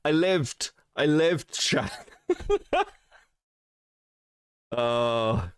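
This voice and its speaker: A man's voice: medium pitch, expressive, very slow, smooth, no room sound, studio quality. A man hosting a casual commentary stream, swearing and laughing often as he talks. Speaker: streamer host.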